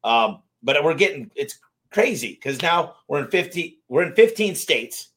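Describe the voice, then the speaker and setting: A man who owns a service company, telling lively anecdotes in a casual interview and acting out the dialogue. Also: a little high. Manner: energetic, fast-moving anecdotes with acted-out dialogue. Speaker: garage door company owner, guest.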